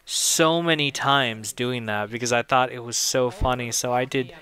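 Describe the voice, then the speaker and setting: A man's voice: mid-range voice, steady tone, moderate pace, pushed and bright. A young man giving casual audio commentary on his own film, rambling and chatty, often laughing at his own jokes.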